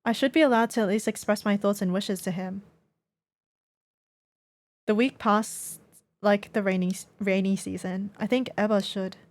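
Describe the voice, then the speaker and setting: A woman streaming as she reads a visual novel aloud, narrating steadily and then breaking into loud, laughing outcries. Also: mid-range voice, steady tone, normal speed, pauses often, no room sound.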